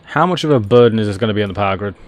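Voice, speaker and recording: A man's voice: fairly low pitch, expressive, racing. Rambling man streaming a game. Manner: rambling, self-mocking, talks to himself. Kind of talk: casual gameplay commentary.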